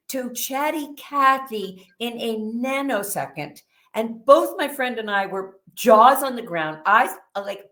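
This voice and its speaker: A woman guest, a bit under the weather, telling a vivid story in an animated way during an interview. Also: on the high side, takes it slowly.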